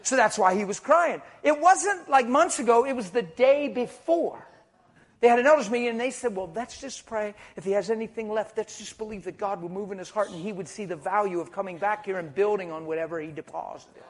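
A middle-aged man preaching a sermon, telling stories with hushed asides and loud bursts of emphasis. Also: high-pitched, a little fast. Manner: storytelling, animated, swings between hushed asides and loud emphasis. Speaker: traveling preacher.

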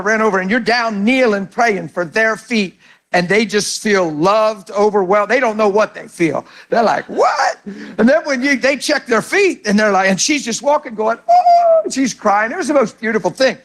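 A male pastor with a notably high voice preaches a sermon on prayer. He tells stories in an earnest, animated way, pressing his point home.

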